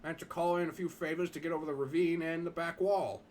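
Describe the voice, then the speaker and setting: A man's voice: fairly high pitch, fairly even intonation, quick pace, a little mellow, slight background noise, close to an everyday voice. A man reading the lines of a brash young male treasure hunter in a point-and-click game, in an offhand, cocky way.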